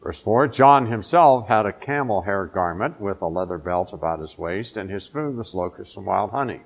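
A man's voice: on the low side, expressive, moderate pace. A middle-aged man preaching a sermon in a conversational way, asking his listeners questions as he goes. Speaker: pastor.

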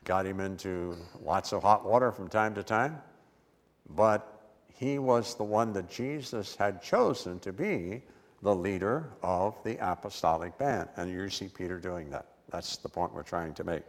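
Man, preacher, sermon, emphatic, low voice, long hall reverb. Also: unhurried. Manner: emphatic, repeats words for stress.

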